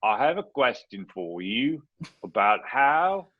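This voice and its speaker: A man putting on a high, exaggerated Cockney voice as a caller asking him a question. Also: sing-song, takes it slowly, dry recording, phone-quality sound. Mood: playful. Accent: put-on Cockney. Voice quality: high squeaky put-on voice.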